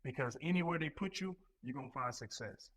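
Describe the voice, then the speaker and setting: A man in his thirties, a Marine recruiting leader and podcast guest, telling stories in a profane, animated way full of repetitions. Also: mid-range voice, fairly quick, poor audio. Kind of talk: casual podcast chat.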